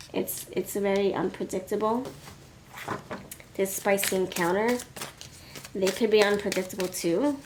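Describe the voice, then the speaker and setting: Over slight background noise, a tarot reader speaks in a casual way with a medium-pitched, somewhat dark voice. She keeps laughing, coughing, and sniffling as she goes.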